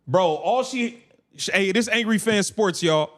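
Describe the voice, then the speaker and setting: A man's voice: high voice, unhurried. A man hosting a live game watch-along stream, ranting angrily and swearing at the team. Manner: angry, profane, shouting rants. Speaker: livestream host.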